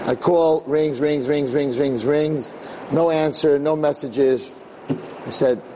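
A man giving a Torah lecture as a lively, conversational story, acting out the quotes as he goes. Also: on the high side, measured pace, slight background noise, low-quality recording. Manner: animated, conversational, acts out quotes.

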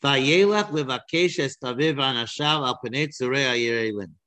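A man's voice: mid-range voice, normal speed, bright, forceful tone. A man teaching an informal text-study class, reading verses aloud and then explaining them with frequent restarts and fillers. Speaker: Torah teacher.

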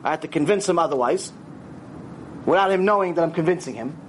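Male rabbi, high voice, lively lecture, acts out dialogue, faint hiss. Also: fast talker. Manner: animated storytelling, acts out dialogue, sprinkles Hebrew words. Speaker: rabbi teaching a Torah class.

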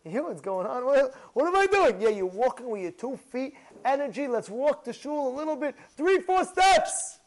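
A rabbi giving an animated, emphatic sermon full of rhetorical questions, speaking English with non-native phrasing. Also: male voice, very high-pitched, fairly quick, hardly any pauses, poor audio. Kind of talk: sermon to a congregation.

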